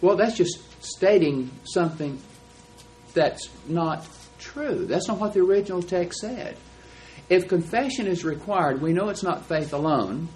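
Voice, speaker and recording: A man's voice: fairly high pitch, darkish tone, a little hiss or hum, rough recording. Emphatic man teaching a Bible class. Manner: emphatic, explanatory, stresses key words.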